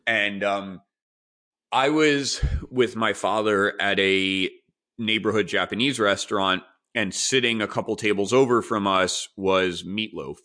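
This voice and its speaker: A man in his forties hosting a podcast, telling rambling, animated stories full of fillers and restarts. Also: fairly low pitch. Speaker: podcast host. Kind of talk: casual storytelling chat.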